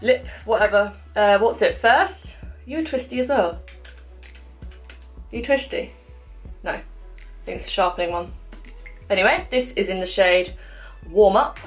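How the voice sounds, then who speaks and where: A woman's voice: medium pitch, animated, a little slow, pauses often, soft background music. A woman in her twenties chatting casually through a makeup tutorial, self-mocking and talking as she applies products at home. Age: 20s. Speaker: beauty vlogger.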